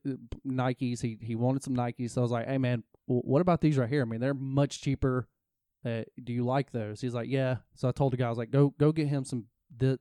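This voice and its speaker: A man's voice: mid-range voice, mellow, clear, resonant tone, dry recording, studio quality. A man co-hosting a casual talk show, telling a long story in a rambling, self-interrupting way. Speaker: podcast co-host.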